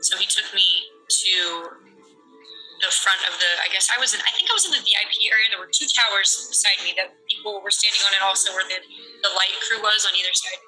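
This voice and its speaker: A young woman, an ICU nurse, telling what she went through in a halting way, often restarting her sentences. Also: mid-range voice, sharp tone, faint music behind, rough recording. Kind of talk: personal account of an event.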